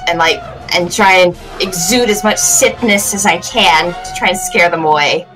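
A woman's voice: fairly low pitch, a little slow, hardly any pauses, poor audio. A woman playing a character in a tabletop role-playing game, eager and laughing often. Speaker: player. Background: music.

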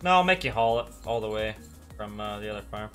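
A man's voice: fairly low pitch, animated, fast talker, fairly bright tone, soft background music. A man streaming a game and chatting casually with friends, laid-back and joking.

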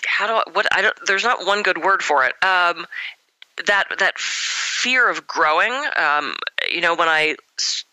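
Middle-aged woman guest, lively storyteller, crisp tense tone, dry close sound. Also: lowish voice, dry recording, rough recording. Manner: animated, laughing storyteller. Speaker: guest, massage therapist. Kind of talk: casual storytelling interview.

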